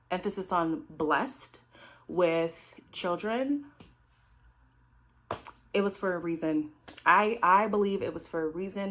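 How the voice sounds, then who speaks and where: Her voice is fairly low with a rather bright tone as she hosts a laid-back recap. Speaking frankly, this host reacts casually and talks straight to the people watching.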